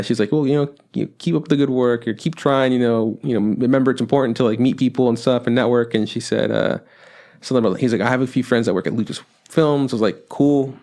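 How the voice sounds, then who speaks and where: A man's voice: medium pitch, a little mellow. A young man chatting on a podcast, rambling with lots of fillers and swearing. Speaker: podcast co-host. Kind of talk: casual chat.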